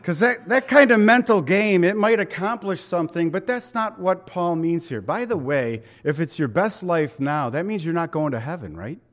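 A man's voice: high voice, lively intonation, moderate pace, few pauses. A man preaching a sermon in a conversational, emphatic way, asking the congregation rhetorical questions. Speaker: pastor.

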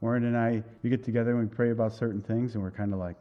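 A man's voice: medium pitch, fast talker, warm tone. Conversational male pastor, slightly lo-fi recording. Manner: conversational storytelling, acts out dialogue. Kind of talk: sermon with personal story. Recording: dull lo-fi recording.

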